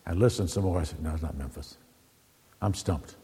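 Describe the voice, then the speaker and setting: A man preaching a sermon as an Orthodox priest, telling folksy stories, then teaching in a measured way. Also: deep voice, dark tone, slightly rough. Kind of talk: sermon with opening jokes. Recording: echoey hall with long reverb.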